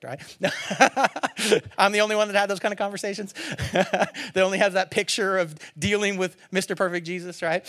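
A man preaching a sermon as pastor, animated and quick to laugh, swinging from loud emphasis to hushed, quiet lines. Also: high-pitched.

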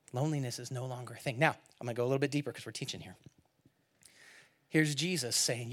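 A pastor with a mid-range voice preaches a sermon, animated and quick to laugh. He swings between loud emphasis and hushed, quiet lines.

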